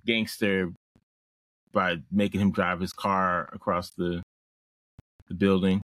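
A man's voice: low voice, flat delivery, takes it slowly, a bit bright, no room sound. A man co-hosting a podcast, chatting casually and animatedly about a movie, with fillers and laughs. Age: older than co-host. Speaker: podcast co-host.

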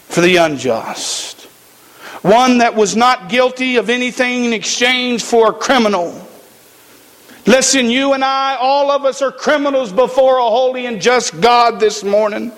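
A man preaching a sermon in a church, slow and emphatic with dramatic pauses. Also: extremely high pitch, a bit bright, long reverb tail. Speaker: pastor.

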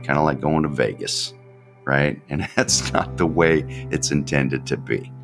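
A man's voice: very deep voice, measured pace, gravelly, over music. A man, a pastor hosting his own podcast, giving an unscripted devotional talk in a candid, conversational way, often repeating his phrases.

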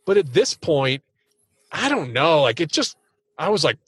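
Husky guy co-hosting a podcast, rambling and jokey, dry close sound. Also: fairly high pitch, moderate pace, no echo. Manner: rambling, animated, self-mocking. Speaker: podcast co-host. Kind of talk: casual chat.

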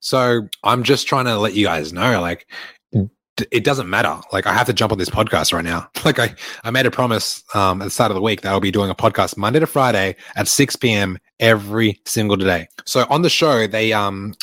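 A man's voice: lowish voice, a little fast, fairly bright tone, no room sound. A young man hosting his own podcast, rambling and swearing with lots of filler words while recording at an airport. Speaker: podcast host and online fitness coach. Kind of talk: casual solo podcast monologue.

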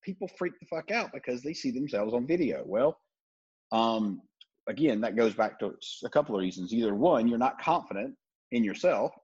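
A man's voice: mid-range voice, a little mellow, husky, lo-fi sound. A man hosting a podcast, giving blunt, profane sales coaching in a casual talk. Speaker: podcast host.

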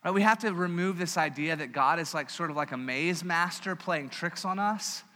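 Pastor, male, conversational and joking sermon; high, bright voice; church hall reverb. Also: normal speed.

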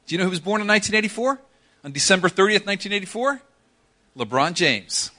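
A man in his thirties preaching a sermon, telling a story with lively swings from loud to soft. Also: sits high, fast. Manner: animated storytelling with dramatic drops to soft voice. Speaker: pastor.

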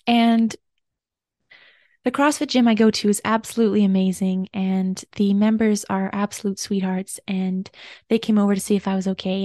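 A woman hosting her own podcast, talking gently and earnestly through a personal, confessional reflection at home. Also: mid-range voice, dry recording, clean studio sound. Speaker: podcast host.

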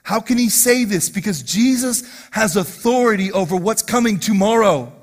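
A man preaching a sermon as lead pastor, animated and conversational, acting out scenes in quiet asides. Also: sits high, normal speed.

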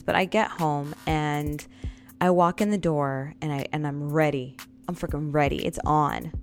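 Casting: woman in her thirties with a low voice, casual confessional storyteller who keeps talking straight to viewers, faint music behind. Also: vocal fry. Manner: addresses viewers often, repeats lines for emphasis.

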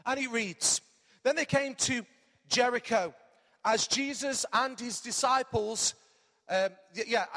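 A man preaching a lively sermon as pastor, his voice strained, calling the congregation to repeat words back. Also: very high voice, in a large hall. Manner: energetic, animated preaching with call-and-response.

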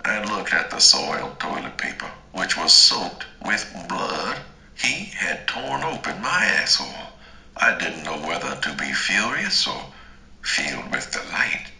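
A man narrating a first-person story in a slow, dramatic, deliberate way. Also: sits low, very animated, gravelly, pushed and bright, echoey room, low-quality recording. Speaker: audiobook narrator.

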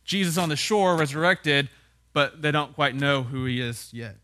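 A male pastor gives a relaxed, chatty sermon in a slightly high, bright, forward voice. He teaches with dry humor and keeps tossing "right?" to the congregation. His tone stays easygoing and close, like a talk among friends. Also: normal speed. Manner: casual and wry, with frequent "right?" tag questions. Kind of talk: conversational sermon.

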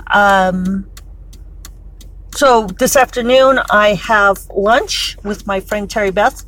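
A middle-aged woman, an author and podcaster, chats casually while driving in her car for a commute vlog. Her mid-range voice is a bit bright and unhurried, and she's wry and talkative with laughing asides, though the recording is rough.

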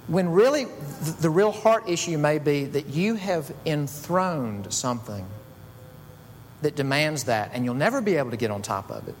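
A male pastor delivering a sermon with a slightly high voice that climbs sharply on stressed words. The sound carries a long hall reverb with a faint low rumble underneath. His delivery is emphatic and builds in intensity. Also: expressive, normal speed. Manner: emphatic, rising to high bursts on key words.

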